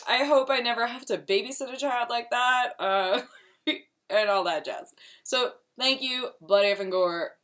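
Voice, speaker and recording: A woman with a slightly high voice chats casually in a horror review vlog. She peppers every sentence with "like", talks bluntly and swears freely. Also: a bit bright. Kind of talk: casual chat.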